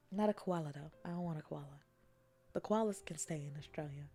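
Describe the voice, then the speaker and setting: A woman streamer in a casual, rambling chat, playful and often dropping into soft whispers. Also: low-pitched, a little fast, husky, faint music behind.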